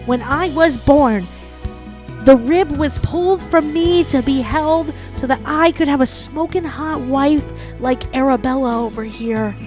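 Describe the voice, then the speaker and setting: A woman's voice: sits high, unhurried, a little mellow, faint music behind, pitched above the performer's own voice. A woman doing a comic impression of a boastful middle-aged male preacher, preaching with a pompous sermon cadence. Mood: preachy, boastful. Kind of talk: comedic pastor impression.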